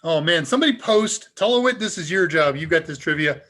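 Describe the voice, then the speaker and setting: A man hosting a live tech Q&A, talking casually and chuckling as he demonstrates software. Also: a little high, animated, brisk. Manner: casual and upbeat, chuckles often. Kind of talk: live demo talk.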